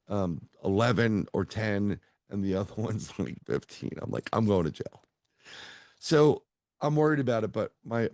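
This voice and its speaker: Middle-aged guy with a deep voice rambling through a story on a video call, dry sound. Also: dry recording. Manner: rambling, animated storyteller acting out quotes. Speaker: guest psychic medium. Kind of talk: casual storytelling interview.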